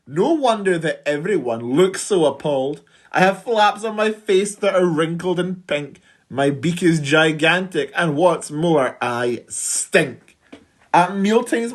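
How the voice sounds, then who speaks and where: A woman voicing a bald lap-faced vulture that boasts in rhyme about how revolting it is. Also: low voice. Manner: gleefully disgusting rhyming boast.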